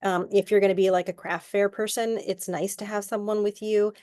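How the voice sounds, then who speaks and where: A woman's voice: medium pitch, flat delivery, brisk, a little mellow, dry recording, clean studio sound. A woman guest artist talking casually on an online panel, chatty and rambling, with lots of filler words.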